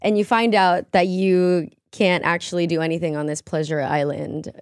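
A woman's voice: fairly low pitch, steady tone, normal speed, smooth, dry recording, studio quality. A woman co-hosting a podcast in casual chat, asking playful, teasing questions. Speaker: podcast co-host.

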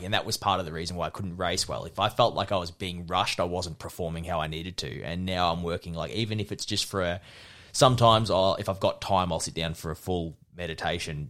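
A young man who is a podcast guest, talking in a relaxed, reflective way during a casual chat. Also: deep voice. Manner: relaxed, reflective, with sudden outbursts when retelling.

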